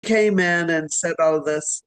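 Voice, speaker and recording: Rambling, animated woman telling stories. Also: fairly low pitch, a little slow. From Virginia, US. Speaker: literary agent, podcast guest. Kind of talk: storytelling in an interview.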